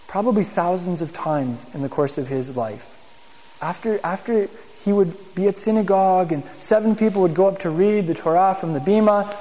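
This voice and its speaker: A man teaching a congregation in a casual, animated sermon, asking the room questions as he goes. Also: high voice, in a large hall, poor audio. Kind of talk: conversational sermon.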